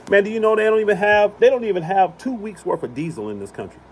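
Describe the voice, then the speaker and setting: This preacher has a high-pitched, expressive voice and talks fast, with slight background noise around him. Standing outdoors on his property, he gives a passionate religious talk, hammering points by repeating them.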